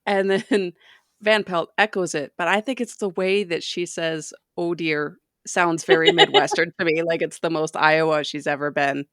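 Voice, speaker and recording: Low-voiced woman agreeing and chatting. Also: fairly even intonation, normal speed, fairly bright tone, no room sound, clean studio sound. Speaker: podcast co-host. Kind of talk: casual chat recapping a TV episode.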